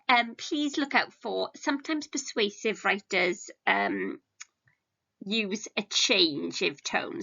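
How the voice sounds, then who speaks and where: A woman's voice: a little high, creaky, bright, forceful tone, highs cut off. A woman, an English teacher giving a recorded lesson in a chatty, self-deprecating way with many ums. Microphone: home recording for a video lesson.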